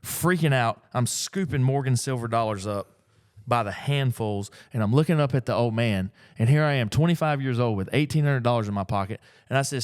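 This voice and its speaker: A middle-aged man, telling a story in a casual, folksy, animated way as an antiques picker. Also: medium pitch, a little fast, clear, resonant tone, no echo, studio quality. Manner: animated, folksy, acts out the people in his stories. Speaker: antiques picker and auction dealer. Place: auction gallery.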